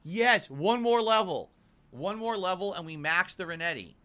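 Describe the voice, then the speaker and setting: A man streaming a shooter game, excitable and swearing a lot as he plays. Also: high voice, moderate pace, crowd noise. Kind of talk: live gameplay commentary. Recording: game gunfire and sounds behind.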